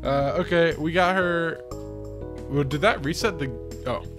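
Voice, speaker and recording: A man's voice: fairly high pitch, a little slow, music in the background. A man giving casual gameplay commentary as host, full of joking, sarcastic asides, recorded at home. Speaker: let's play host.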